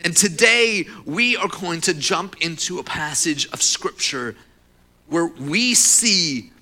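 A man's voice: fairly high pitch, animated, slow. A young man preaching a sermon, leading a prayer and telling a personal story with rising passion. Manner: impassioned, rising to near-shouts for emphasis. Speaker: pastor.

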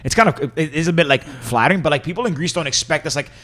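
A Canadian man co-hosts a podcast in a slightly high voice. He teases his friends, cuts in often and keeps calling people "bro.". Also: animated, quick pace, a bit bright. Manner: teasing, interjects, says "bro". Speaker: podcast co-host. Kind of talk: casual podcast banter.

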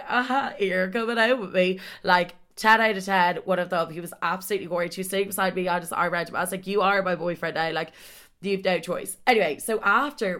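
A young woman telling a holiday story in casual chat, swearing freely and acting out what people said. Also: medium pitch. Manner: animated, sweary, acts out quotes.

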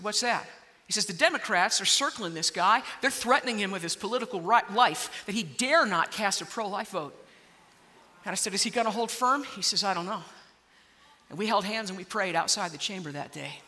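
A middle-aged woman giving a storytelling speech, animated and often repeating words as she gets excited. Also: mid-range voice. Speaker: public speaker. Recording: long reverb of a large hall.

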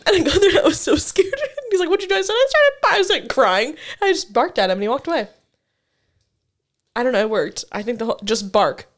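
A woman's voice: sits high, very animated, fast. A young woman in her twenties, a podcast co-host telling a story in casual chat, laughing often.

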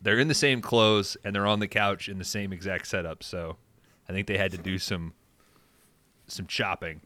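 Deep, bright-voiced sarcastic man, dry sound. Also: fairly even intonation, normal speed, no echo. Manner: wry, sarcastic asides. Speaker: podcast co-host. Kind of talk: casual movie recap chat.

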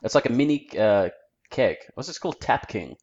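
A man chatting on a podcast, telling stories with a lot of fillers and a voice that jumps up and down in pitch. His audio sounds a little dull and lo-fi, as if it came through a lesser mic. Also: moderate pace. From Australia. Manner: animated storyteller, rambling with fillers. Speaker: podcast co-host. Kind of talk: casual chat.

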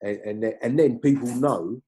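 A man's voice: medium pitch, normal speed, warm tone, breathy edge. A middle-aged man, talking loosely in an interview and asking "you know what I mean" after nearly every point. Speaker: film crew guest. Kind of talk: casual interview chat.

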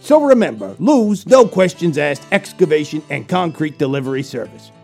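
A man putting on a shady excavation company owner in a loud, pushy mock radio ad. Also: very animated, normal speed, gravelly, husky, faint music behind, full character voice. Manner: loud, pushy sales pitch.

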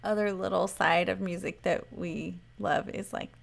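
A woman's voice: lowish voice, steady tone, a little slow, gravelly. A woman co-hosting a podcast in casual chat, rambling and often laughing mid-sentence. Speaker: podcast co-host.

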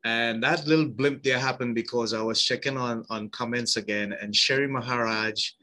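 Bright-voiced effusive male host. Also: medium pitch, steady tone, normal speed, low-quality recording. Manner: effusive, reads viewer comments aloud. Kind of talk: live-stream interview hosting.

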